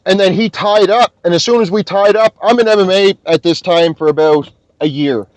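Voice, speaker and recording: A young man from Scotia, a podcast guest telling an animated story and swearing constantly. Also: high-pitched, brisk, dry recording, rough recording. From Nova Scotia, Canada. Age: young adult. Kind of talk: casual storytelling.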